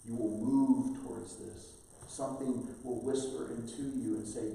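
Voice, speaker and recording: A man's voice: mid-range voice, fairly quick, creaky, few pauses, dark tone, a little hiss or hum. A middle-aged man preaching a sermon as pastor, talking with the congregation in a conversational, storytelling way. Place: church sanctuary. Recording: roomy church hall, from far off.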